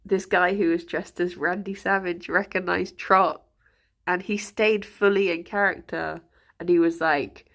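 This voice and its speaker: Woman, casual stream chat, lowish voice, unhurried, laughs a lot. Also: fairly even intonation, a bit bright. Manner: chatty, laughs often, lots of fillers.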